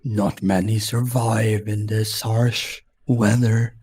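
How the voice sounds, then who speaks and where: A man narrating a tabletop game as game master, talking quickly with many restarts. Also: fairly low pitch, flat delivery, darkish tone, breathy edge. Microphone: headset or desk mic with voice filter.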